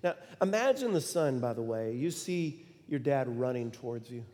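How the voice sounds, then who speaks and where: A middle-aged man preaching a sermon, telling a story in an animated way and acting out the quoted lines with sudden loud bursts. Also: mid-range voice, moderate pace. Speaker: pastor. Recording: long reverb of a large hall.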